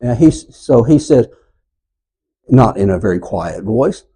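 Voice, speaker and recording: A man in his sixties teaching a church Bible class, telling stories and getting loud and animated when he acts out quotes. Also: mid-range voice, a little slow, slightly rough, poor audio. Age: 60s.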